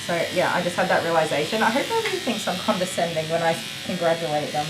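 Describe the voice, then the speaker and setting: Australian woman groomer, rambling casual chat, low-ish voice, roomy echo. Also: very animated, fast, very noisy. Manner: chatty, rambling, laughs often. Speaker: dog groomer streaming live. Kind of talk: casual chat while working. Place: grooming salon. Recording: echoey room with loud clipper buzz.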